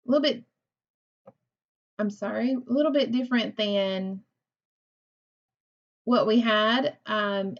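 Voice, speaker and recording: A woman teaching a recorded reading lesson to young children, speaking slowly and patiently, praising and asking questions of pupils who aren't there. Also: fairly high pitch, highs cut off. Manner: slow, patient, encouraging, asks questions to unseen pupils.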